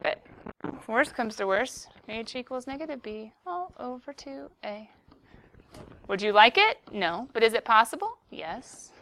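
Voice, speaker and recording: Young female math teacher, a touch high-pitched, chatty and joking with her class. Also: sing-song, measured pace, a bit bright. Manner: playful, teasing, chatty with students.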